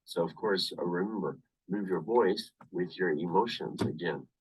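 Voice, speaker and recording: A man teaching a university English class over a video call, explaining slowly and repeating "of course" often. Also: low voice, slightly rough, recorded from a distance, rough recording. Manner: repetitive, explains slowly with many "of course" asides. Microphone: computer webcam mic on video call.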